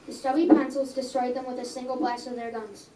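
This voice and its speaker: A woman's voice: sits high, level tone, fairly quick, noisy background. A young reader reading her own story aloud in a coffee house, earnest, with small stumbles and self-corrections. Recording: echoey room, mic at a distance.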